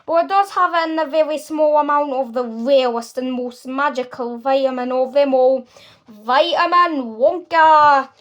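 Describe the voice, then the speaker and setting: A brisk, eccentric chocolate maker who cheerfully brushes off every worry, as a woman reads him aloud. The voice stays light and fairly high, with a storybook lilt. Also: dull audio. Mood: breezy.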